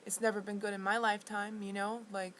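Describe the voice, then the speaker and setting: Woman, vlog monologue, rambling, halting restarts, indignant, mid-range voice. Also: medium pitch, flat delivery, fairly bright tone, a little hiss or hum, low-quality recording. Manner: halting and restless, with many restarts and fillers; agitated, indignant storytelling. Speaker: vlogger.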